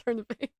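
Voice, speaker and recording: A woman's voice: warm tone, no echo, studio quality. A young woman hosting a reaction video, sarcastic and giggly, swearing freely as she comments.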